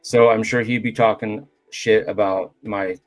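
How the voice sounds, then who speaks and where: A man's voice: on the low side, steady tone, a little slow, faint music behind. Loose, joking male podcast host. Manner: loose, joking, lots of fillers, swears. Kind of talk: casual live-stream podcast chat.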